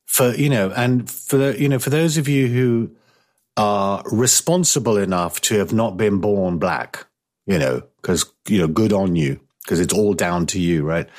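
A British man hosting a radio talk show with a fairly low voice. He chats loosely, wandering through asides and restarting his sentences. The tone is casual and unscripted. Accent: British English. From Britain. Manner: rambling, with many fillers and restarts.

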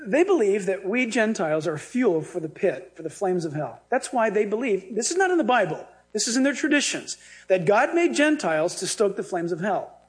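A male pastor preaching a sermon in a lively, humorous way, acting out the dialogue he tells. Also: high-pitched, fairly quick.

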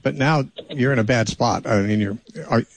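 A man's voice: medium pitch, moderate pace, dry recording. A man hosting a call-in radio show, talking directly and steering callers firmly.

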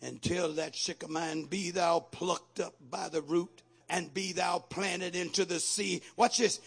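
High, raspy preaching man. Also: unhurried, few pauses. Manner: call-and-response preaching, rising to shouts. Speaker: pastor. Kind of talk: sermon.

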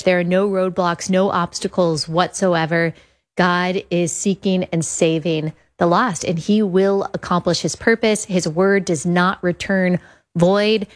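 A woman hosting a podcast, talking about faith in an earnest, emphatic way. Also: on the low side. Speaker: podcast host.

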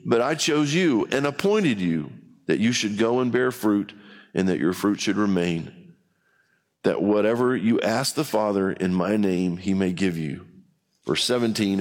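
A man preaching as a pastor, reading scripture aloud and then talking it through in a loose, conversational way. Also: on the low side. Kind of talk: sermon. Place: church sanctuary. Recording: long hall reverb.

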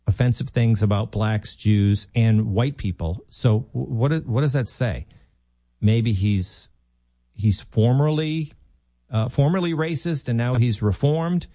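Opinionated talk radio host with a mellow voice. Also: male voice, lowish voice, no echo. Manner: opinionated, emphatic, thinking aloud.

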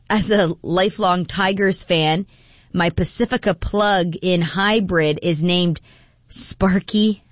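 A woman's voice: fairly low pitch, no echo. Morning radio host, woman, casual and laughing, reading texts in a dry, slightly muffled studio sound. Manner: chatty, laughing, with frequent fillers.

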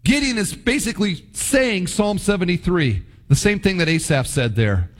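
A man preaching a sermon, acting out biblical characters' voices with big pitch swings. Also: lively intonation, normal speed, big-room sound. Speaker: pastor.

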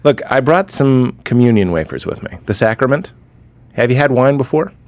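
A man's voice: mid-range voice, moderate pace, close to an everyday voice. A man playing a preachy stand-in dad. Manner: preachy, probing, deadpan. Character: pushy religious stand-in dad, middle-aged man. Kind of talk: comedy sketch.

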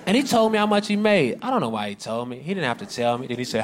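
A man doing stand-up, telling a story sarcastically and shouting out bits. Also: mid-range voice, animated, fast talker, few pauses, a faint crowd, slight background noise. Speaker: stand-up comedian.

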